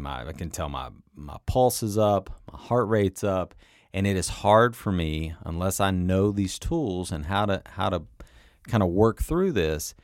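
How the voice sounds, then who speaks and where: Low-voiced man coaching with constant "right?". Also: dry recording, studio quality. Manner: conversational, keeps asking "right?" and "okay?". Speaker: men's coach. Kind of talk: coaching talk to camera.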